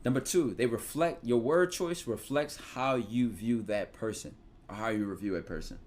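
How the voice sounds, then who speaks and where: A man's voice: mid-range voice, normal speed. A man with a Philadelphia accent giving casual advice in loose, slangy talk with swearing. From Philadelphia, USA. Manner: loose, slangy, profane, animated storytelling. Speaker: podcast host giving advice.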